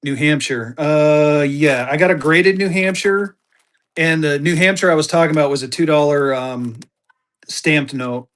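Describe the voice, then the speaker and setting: A man's voice: a little high, steady tone, unhurried, fairly bright tone. Chatty man selling live. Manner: chatty, thinks aloud while rummaging. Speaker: live-stream seller. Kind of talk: casual live auction chat.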